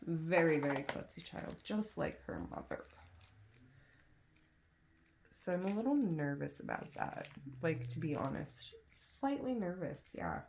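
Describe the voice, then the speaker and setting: Young woman, low voice, casual crafting chat, rambling, self-deprecating, noisy background. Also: huge pitch swings, slow, creaky, long pauses, darkish tone. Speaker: crafting vlogger. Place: home, kids in another room.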